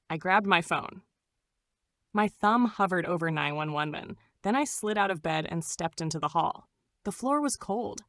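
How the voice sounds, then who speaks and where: A woman's voice: mid-range voice, fairly bright tone, no echo. A woman narrating a scripted first-person suspense story in a dramatic, suspenseful manner.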